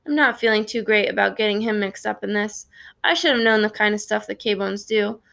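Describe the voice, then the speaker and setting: A woman reading a storybook aloud in a steady first-person narration. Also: mid-range voice, a little fast, gravelly. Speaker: reader.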